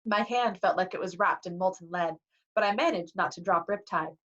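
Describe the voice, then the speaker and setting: A woman reading a novel aloud in a lively way, acting out the dialogue, on a dull lo-fi recording. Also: lowish voice, brisk. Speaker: reader.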